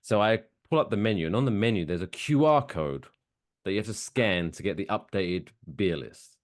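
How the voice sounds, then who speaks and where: A man's voice: on the low side, expressive, moderate pace. A man co-hosting a casual podcast, telling stories with lots of energy and acting out other people's lines. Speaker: podcast co-host.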